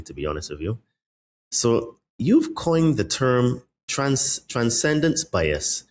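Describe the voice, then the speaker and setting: Deep-voiced male podcast host. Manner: measured, halting, with fillers. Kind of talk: podcast interview.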